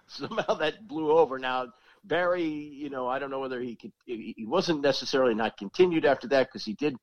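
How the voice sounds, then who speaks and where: A man's voice: mid-range voice, fairly quick, no room sound, highs cut off. A man on a sports talk show, casually telling long stories with many restarts. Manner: rambling anecdotes with restarts and laughs.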